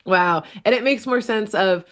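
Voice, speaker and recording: A woman's voice: mid-range voice, fairly bright tone. Jokey woman podcast co-host. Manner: quick jokey reactions and interjections. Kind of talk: casual chat.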